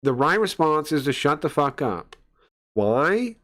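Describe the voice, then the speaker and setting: A male streamer in a heated rant on his live stream, with a voice pitched a little high. He swears freely, trips over his words and restarts, and breaks into scoffing laughs. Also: big pitch swings, unhurried, fairly bright tone. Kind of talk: profane livestream rant.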